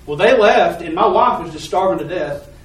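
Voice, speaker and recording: A man with a fairly high voice shares a heartfelt testimony, his earnest story rambling along with repeated words and restarts. He sounds a little distant from the microphone, and the room around him rings with echo like a church hall. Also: expressive, moderate pace. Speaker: church member giving testimony. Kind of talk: personal faith testimony.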